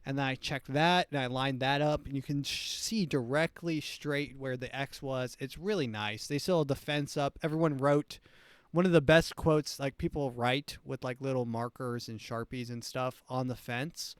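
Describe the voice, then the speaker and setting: A man's voice: mid-range voice, fairly even intonation, moderate pace, smooth, no room sound. A man hosting a comedy show who comments on clips in a rambling, mocking way. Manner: rambling, mocking, with frequent restarts. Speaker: show host.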